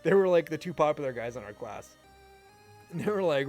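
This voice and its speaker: A young streamer with a higher-leaning voice tells a story in an unhurried way, pausing often, while staying animated, profane, and quick to laugh. Faint music runs beneath the recording.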